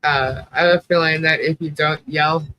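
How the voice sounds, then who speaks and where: Man, high voice, casual livestream host, rambling storyteller, lots of fillers. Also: fairly even intonation, moderate pace, dull audio, slight background noise. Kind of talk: casual chat.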